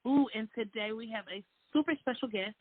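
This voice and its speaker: A woman's voice: fairly high pitch, a little fast. A woman co-hosting a casual talk show, playful and teasing as she welcomes a guest. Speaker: co-host. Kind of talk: casual chat. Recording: tinny phone-line sound with noise.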